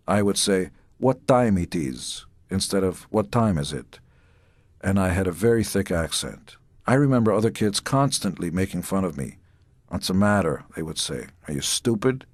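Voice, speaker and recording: A middle-aged man from Israel reads his own memoir aloud, in measured, dry storytelling with deadpan asides. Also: low-pitched, no echo. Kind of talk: memoir audiobook narration.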